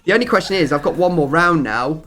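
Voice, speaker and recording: A man's voice: on the high side, animated, fast talker, sharp tone. A man hosting a gaming video, chatting casually and rambling through his explanations with plenty of fillers. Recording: music playing faintly behind.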